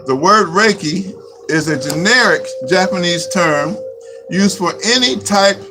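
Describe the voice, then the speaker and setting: A man giving a slow, repetitive spiritual teaching talk as a Reiki teacher. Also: sits high, rough recording. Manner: slow, repetitive, chant-like phrasing. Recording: music playing behind.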